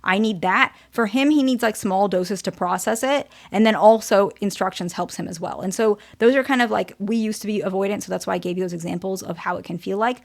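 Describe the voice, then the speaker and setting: A woman's voice: medium pitch, a little fast, creaky, few pauses. A woman therapist giving a casual, direct teaching talk, often checking in with "okay?".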